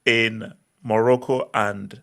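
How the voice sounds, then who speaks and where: A man's voice: fairly low pitch, level tone, takes it slowly, a bit bright. A man hosting a casual football chat over a video call, reading viewer comments aloud and teasing the others with lots of laughter.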